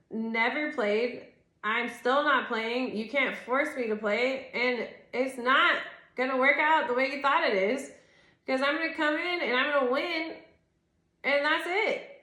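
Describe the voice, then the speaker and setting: A woman's voice: sits high, unhurried, pushed and bright. Exasperated, swearing woman in an echoey room. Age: 30s. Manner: rambling, exasperated and profane, full of "like". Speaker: tarot reader. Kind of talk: casual tarot reading rant.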